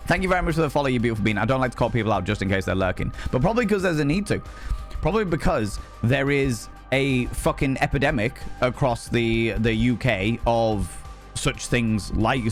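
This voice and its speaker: A middle-aged man rants to his live-stream chat, swearing freely and restarting his sentences as he gets worked up. His voice sits at an ordinary middle pitch. Soft music plays quietly underneath. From United Kingdom. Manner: heated, sweary, rambling with restarts. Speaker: livestreamer.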